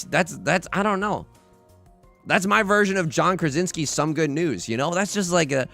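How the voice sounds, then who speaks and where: A man streaming a mahjong game, chatting in a rambling, excitable way and shouting when the game turns. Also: sits high, creaky. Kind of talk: livestream commentary over a mahjong game.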